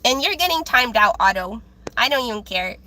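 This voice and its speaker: High, bright baby-voiced woman. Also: expressive, brisk, poor audio. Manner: high, childlike voice with frequent fillers and restarts. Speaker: tarot reader streamer. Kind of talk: casual live-stream chat.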